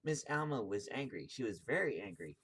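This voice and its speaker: Man reading a kids' book aloud; halting, self-correcting. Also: mid-range voice, sing-song, a bit bright, slightly rough. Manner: stumbles and corrects himself. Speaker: video host reading aloud.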